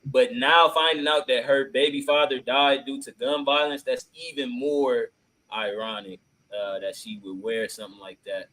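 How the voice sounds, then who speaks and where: A man's voice: medium pitch, flat delivery, moderate pace, sharp tone, rough recording. A man hosting a podcast in casual chat, laid-back and slangy with many filler ums, reacting to clips. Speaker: podcast host.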